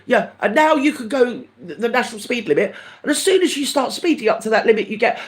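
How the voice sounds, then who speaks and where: A man's voice: high voice, fast talker, hardly any pauses. An older man hosting a live stream, chatting to viewers in a camp, gossipy way and calling everyone darling. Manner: lively and animated, swinging up and down. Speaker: livestream host. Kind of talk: casual chat with live viewers.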